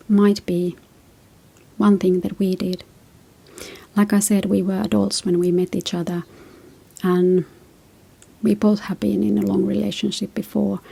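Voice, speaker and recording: Husky, gravelly woman giving gentle advice. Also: medium pitch. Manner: reflective, tells personal stories. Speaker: relationship advice host. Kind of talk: casual advice talk.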